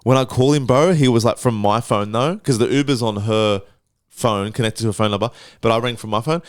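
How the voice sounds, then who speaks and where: A man's voice: medium pitch, fairly quick, smooth, no echo, clean studio sound. A young man hosting a podcast, telling a story casually, swearing freely and acting out the quotes. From Australia. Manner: swears freely, animated retelling with voiced quotes. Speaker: podcast host.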